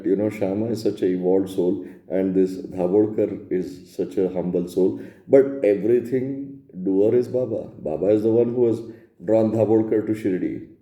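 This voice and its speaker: A man's voice: sits low, warm tone, roomy sound. A man giving an earnest spiritual discourse, explaining and asking rhetorical questions. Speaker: spiritual teacher.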